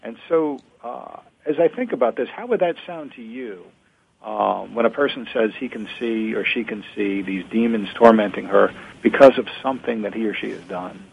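A man with a husky, slightly low voice recounts the scenes of an old play with storytelling energy. His sound comes through thin and boxy, like a phone line. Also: normal speed. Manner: storytelling, animated retelling of a play. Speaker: scholar discussing ancient drama. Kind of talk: conversational discussion.

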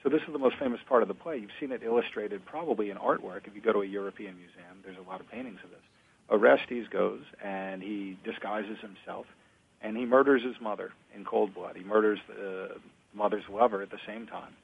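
A man with a husky, slightly low voice recounts the scenes of an old play with storytelling energy. His sound comes through thin and boxy, like a phone line. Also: brisk. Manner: storytelling, animated retelling of a play. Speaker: scholar discussing ancient drama. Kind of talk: conversational discussion.

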